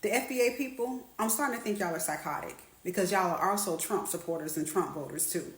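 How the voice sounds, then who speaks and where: A woman's voice: lowish voice, fast, reverberant, low-quality recording. A woman giving a heated, defiant monologue with an indignant edge. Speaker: social media commenter.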